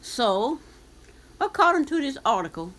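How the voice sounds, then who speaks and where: Reading a news article aloud on her vlog, an American woman comments as she goes and fires pointed questions back at the text. Her voice sits high and a bit bright, very animated yet unhurried.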